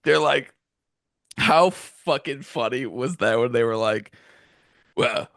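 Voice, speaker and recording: A man's voice: medium pitch, unhurried, creaky, fairly bright tone, no echo, clean studio sound. A young man co-hosting a casual podcast, laughing often, swearing, and acting out characters in exaggerated voices. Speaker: podcast co-host. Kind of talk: casual chat.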